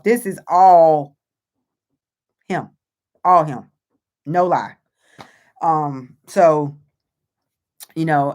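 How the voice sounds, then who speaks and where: Encouraging her viewers in a faith-centered motivational talk, this host and author speaks with earnest emphasis, leaning on repeated phrases and plenty of fillers. Her slightly mellow voice sits on the low side.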